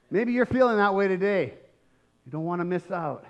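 A man preaching a sermon as pastor, emphatic and rising to shouts, often asking the congregation questions. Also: sits high, lively intonation, normal speed.

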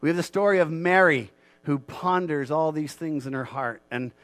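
A man preaching a sermon as pastor, moving from quiet earnest talk to loud, fervent declarations and repeating phrases for emphasis. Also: on the high side, fairly even intonation, normal speed, no echo.

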